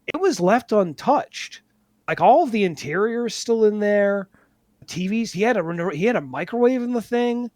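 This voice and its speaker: A high-voiced man co-hosts a podcast, trading deadpan jokes in halting bursts full of restarts. The sound is dry and close, with no room around it. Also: dry recording. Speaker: podcast co-host. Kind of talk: casual podcast banter.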